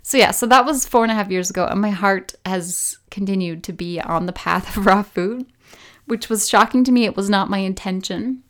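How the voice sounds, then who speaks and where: A woman's voice: medium pitch, normal speed. Chatty woman telling her story. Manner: chatty, animated, laughs easily. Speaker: podcast host. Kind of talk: personal storytelling.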